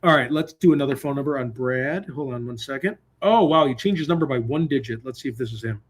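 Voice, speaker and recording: A man's voice: mid-range voice, fast, breathy edge. Rambling, jokey male host. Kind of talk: live call-in stream. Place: hotel room.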